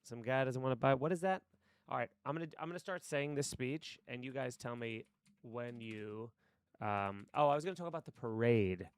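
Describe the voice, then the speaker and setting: Brief: male streamer, rambling and profane, smooth clear voice, mid pitch. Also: expressive, moderate pace, dry recording. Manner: rambling, stream-of-consciousness talk, swearing freely. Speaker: streamer and actor. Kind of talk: casual live-stream chat. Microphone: desk mic with headphones.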